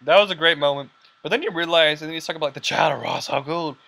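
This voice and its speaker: A young man hosting a casual podcast, rambling excitedly with lots of fillers and quoted lines. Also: on the high side, rapid-fire, vocal fry. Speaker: podcast host. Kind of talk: casual chat.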